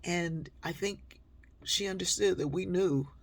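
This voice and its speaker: An older woman telling a personal story in a conversational way, slowing down and sinking to a near whisper on key points. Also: fairly low pitch. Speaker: speaker and author.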